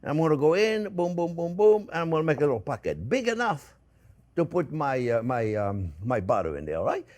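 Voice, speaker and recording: Very animated and a little fast, an older Frenchman hosting a cooking show demonstrates a recipe in his kitchen. His voice is fairly high with a darkish tone. The demonstration is casual and chatty, with plenty of repetition and frequent calls to his friends watching.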